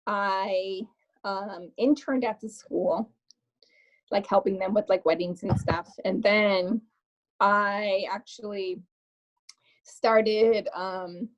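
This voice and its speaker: A woman talks as a podcast guest in a loose, chatty storytelling manner, breaking into quick laughs and leaning on filler words. Her voice sits at an ordinary middle pitch. The recording is muffled and lo-fi. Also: fairly even intonation. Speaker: podcast guest, makeup artist. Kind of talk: casual storytelling interview.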